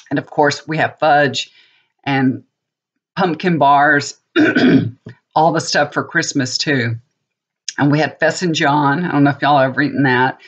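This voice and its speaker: Chatty middle-aged woman, dull audio. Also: deep voice. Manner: chatty, rambling, laughs often. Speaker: tarot reader. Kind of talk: casual chat to viewers.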